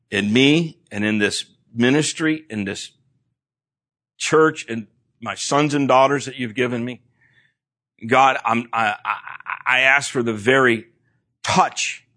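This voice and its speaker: A male pastor with a mid-range, slightly bright voice preaches a sermon, telling a personal story with dramatic swings. He then leads a fervent prayer, repeating words as he builds intensity.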